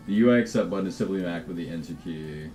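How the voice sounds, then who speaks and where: A man with a lowish voice talks loosely through a coding livestream, and his pitch swings widely as he goes. He swears freely, laughs easily and trips over his own words. Faint music plays behind him. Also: mellow. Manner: loose, profane, restarts words often, laughs a lot. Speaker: game developer livestreaming. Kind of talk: casual livestream chat while coding.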